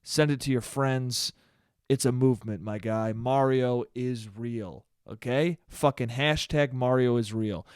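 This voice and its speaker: A young man hosting his own podcast, ranting in a profane, animated way. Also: medium pitch, a little slow, smooth, no room sound, studio quality. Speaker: podcast host. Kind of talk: solo comedic podcast rant.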